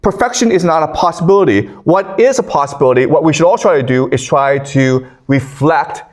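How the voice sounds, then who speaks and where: A man's voice: fairly high pitch, a little fast. A male lecturer giving a university lecture, reading scripture aloud and then paraphrasing it casually, checking in with his audience by asking "okay?" again and again. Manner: animated, checks in with "okay?" constantly.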